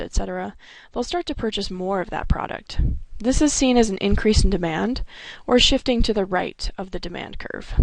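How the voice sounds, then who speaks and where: A woman delivers a recorded economics lecture, steady and explanatory. Her voice carries a gravelly fry at phrase ends. The recording is dry and close, with no room sound. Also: mid-range voice, dry recording. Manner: clear explanatory delivery with occasional restarts. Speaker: economics instructor.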